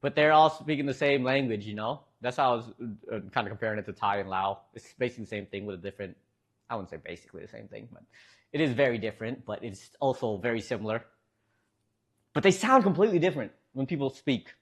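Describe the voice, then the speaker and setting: A man's voice: mid-range voice, expressive, fast talker. A man streaming, chatting casually with his viewers in a rambling, hesitant way, restarting sentences and chuckling.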